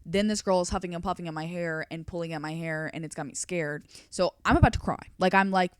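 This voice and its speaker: A woman's voice: fairly low pitch, fast, smooth, no echo. Young woman, casual storytime vlog, filler-heavy emotional delivery, dry recording. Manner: chatty and emotional, heavy use of "like". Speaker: vlogger.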